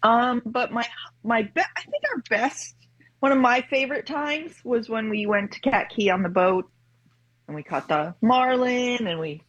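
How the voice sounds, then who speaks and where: A woman's voice: fairly high pitch, husky, dull audio. A woman in her fifties, chatting casually and teasing her husband. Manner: teasing, quick to laugh. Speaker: wife of the storyteller. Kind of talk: casual chat.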